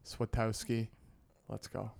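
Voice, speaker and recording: A man's voice: lowish voice, monotone, slow pace, vocal fry, darkish tone. Man retelling games and movie scenes. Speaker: podcast co-host. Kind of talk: casual sports betting banter.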